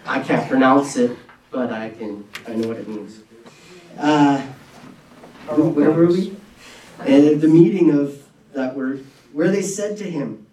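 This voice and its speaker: A man preaching a sermon in an earnest, conversational way, with quick bursts and restarts, recorded in a church hall. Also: mid-range voice, a little mellow. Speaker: pastor. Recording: echoey room from a distance.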